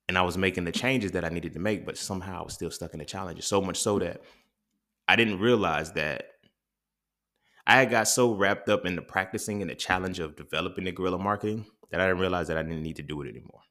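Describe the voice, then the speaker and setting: A man talks through an impromptu solo podcast episode, rambling, restarting and cursing freely. His voice sits very low, with a gravelly, fry-laden edge. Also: bright, forceful tone. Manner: casual, profane, rambling with restarts. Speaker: podcast host. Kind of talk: impromptu monologue.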